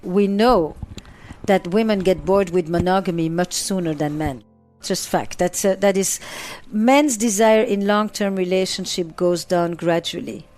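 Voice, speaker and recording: A woman's voice: on the low side, measured pace, a little mellow, soft background music. A middle-aged woman psychotherapist answering interview questions, driving points home with repeated phrases and lists.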